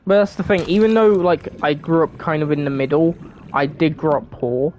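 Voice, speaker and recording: A woman's voice: low-pitched, normal speed, darkish tone, slight background noise. A woman with a southern English accent, from England, chatting casually while streaming a game, sweary, giggly and rambling.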